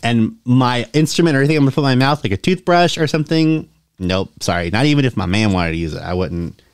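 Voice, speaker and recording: A man's voice: medium pitch, animated, fast talker, clean tone, dry recording, studio quality. A man hosting a casual reaction video, chatty and opinionated, laughing often as he talks. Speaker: host.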